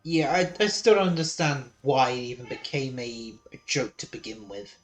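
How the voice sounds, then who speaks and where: A man's voice: medium pitch, moderate pace. A man streaming a game live, chatting casually and airing opinions. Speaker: streamer host.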